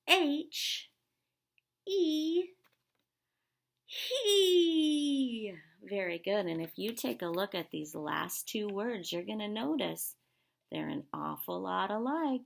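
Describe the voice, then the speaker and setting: A woman teaching kindergarten sight words, slow, patient and encouraging, drawing out spelled letters in a sing-song way. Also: on the low side, very animated, gravelly.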